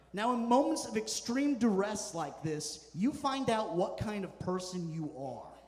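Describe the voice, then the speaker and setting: A male stand-up comedian tells stories in a deadpan way, hitting his punchlines hard. His voice sits a little high. The handheld mic picks him up in a club with a long, ringing reverb. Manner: deadpan storytelling with punchy asides.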